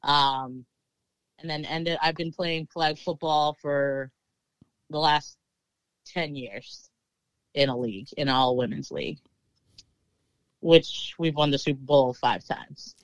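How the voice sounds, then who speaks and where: A woman's voice: low-pitched, slow, pauses often, no room sound, poor audio. A woman with a Southern US accent, chatting casually as an interview guest, with many fillers and frequent laughter. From Maryland.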